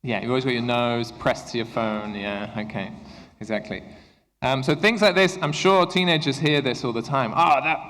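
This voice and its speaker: A man giving a conference workshop to English teachers, talking to the room in an engaging way and often checking in with a quick "okay?". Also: mid-range voice, fairly bright tone. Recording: echoey hall reverb.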